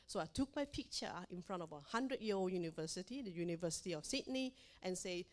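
A middle-aged woman from Asia giving a motivational talk to mothers, animated and acting out quoted dialogue. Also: lowish voice, fast talker, few pauses. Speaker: parenting speaker.

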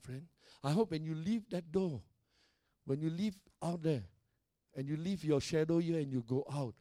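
A man's voice: a little high, mellow, no echo, clean studio sound. A middle-aged man, a pastor, preaching a sermon emphatically and often tossing questions like "huh?" to the congregation. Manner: emphatic preaching with call-and-response tags.

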